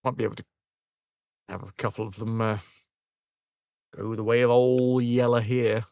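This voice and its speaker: A man's voice: mid-range voice, fairly even intonation, normal speed, gravelly, darkish tone, no room sound. A man casually commentating on a game during a live stream, chatting with viewers and swearing when things go wrong. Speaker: livestream gamer.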